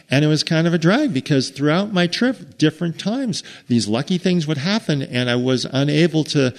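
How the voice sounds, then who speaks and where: American male storyteller, mid-pitched, loose and animated, restarts a lot. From United States. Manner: animated, rambling with restarts, acts out quotes. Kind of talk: casual spoken travel story.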